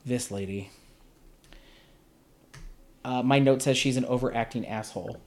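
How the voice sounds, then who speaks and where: A man's voice: mid-range voice, measured pace. A man hosting a podcast, casually reviewing a film in a sarcastic, exasperated way. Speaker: podcast host.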